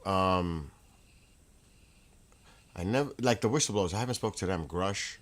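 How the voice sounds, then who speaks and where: A man hosting his own livestream from a room at home, telling casual, rambling stories in an excitable way, with restarts and laughs. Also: low voice, moderate pace. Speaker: livestream host.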